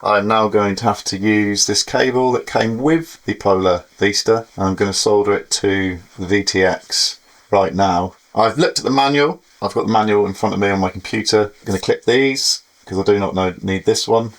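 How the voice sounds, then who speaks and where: A man speaks in a lowish voice at normal speed, giving loose running commentary while he fixes a drone at his workbench. As an FPV hobby vlogger, he's chatty and fed up by turns, mocking himself and sighing and laughing over each setback.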